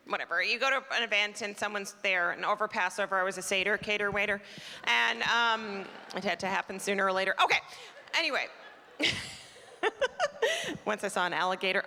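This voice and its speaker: Woman from Canada, stand-up comedy, self-deprecating, crisp voice, long hall reverb, faint crowd noise. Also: medium pitch, quick pace, pushed and bright. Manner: chatty, self-deprecating, acts out characters. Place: performing arts center stage. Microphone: stage microphone. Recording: live theater with long reverb.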